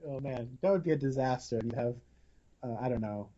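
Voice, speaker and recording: A podcast host with a mellow, medium-pitched voice talks a little fast in a casual, rambling film discussion, using many fillers and restarts. The dull lo-fi audio carries a little hiss or hum.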